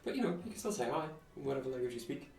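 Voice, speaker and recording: A man's voice: mid-range voice, very animated, rapid-fire, darkish tone. A man streaming a video game, chatting casually with dry, sarcastic muttered asides. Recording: roomy, distant mic, faint music.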